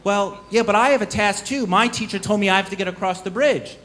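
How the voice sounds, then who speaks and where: A man's voice: sits high, brisk, a bit bright, voice pushed up. A man voicing a clever, eager young male novice monk who pleads earnestly.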